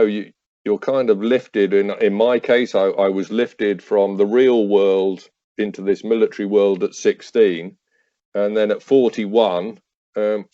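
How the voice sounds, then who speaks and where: Low-voiced man telling wry stories. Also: a little mellow, dry recording, muffled recording. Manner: acts out remembered dialogue, wry, with hesitant fillers and restarts. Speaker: podcast guest, army veteran. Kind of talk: casual anecdotal storytelling.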